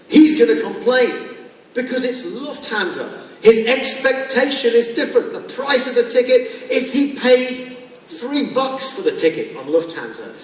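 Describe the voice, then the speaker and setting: A man giving a humorous business talk to a conference audience, acting out little scenes with quoted voices. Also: high-pitched. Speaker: keynote speaker. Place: large conference hall. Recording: echoey hall from far off.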